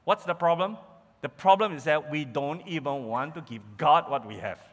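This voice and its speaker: A man preaching a sermon, telling the story in an animated, emphatic way. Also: fairly high pitch, moderate pace. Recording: reverberant hall.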